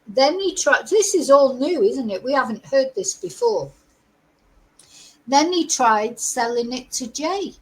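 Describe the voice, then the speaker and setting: Middle-aged woman, high voice, unhurried, opinionated livestream host. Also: expressive, low-quality recording. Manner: opinionated, asks the audience lots of rhetorical questions. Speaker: true crime channel host. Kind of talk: livestream commentary to viewers.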